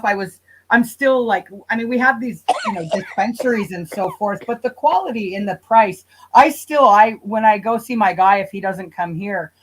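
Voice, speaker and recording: A woman's voice: mid-range voice, rough recording. A woman with a Canadian accent hosting a casual live chat over a video call, talking loosely and laughing often. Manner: chatty, laughs often, trails off and restarts. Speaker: host of a live chat show.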